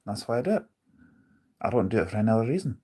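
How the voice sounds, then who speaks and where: Husky-voiced man chatting on a live stream. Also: lowish voice, animated, racing, mellow. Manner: rambling, opinionated, reads out chat comments. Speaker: bus-route live streamer. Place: on board a bus or coach.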